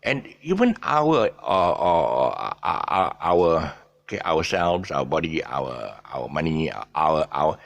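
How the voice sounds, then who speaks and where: A man with a deep, low-pitched voice and a gravelly edge teaches pronunciation in a loose, unscripted way. He stops often for fillers and restarts, and spells out letters as he explains. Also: sing-song, slow pace. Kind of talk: casual pronunciation lesson.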